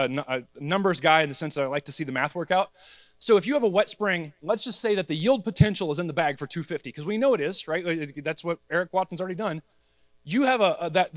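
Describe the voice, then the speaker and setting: A man giving an energetic, conversational presentation to a room of growers, talking straight to the crowd. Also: sits high, no room sound. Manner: energetic, conversational, addresses audience as guys, acts out the plant's voice. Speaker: agronomy speaker at a grower meeting. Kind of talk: conference presentation.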